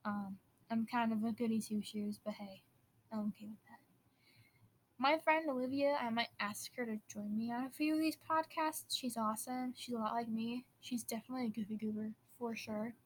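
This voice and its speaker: A woman's voice: on the high side, brisk, few pauses, slight background noise, poor audio. Bubbly fifteen-year-old Wisconsin girl podcasting. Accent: Upper Midwest American. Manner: bubbly, giggly, rambling with restarts. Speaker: podcast host. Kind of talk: casual teen podcast chat.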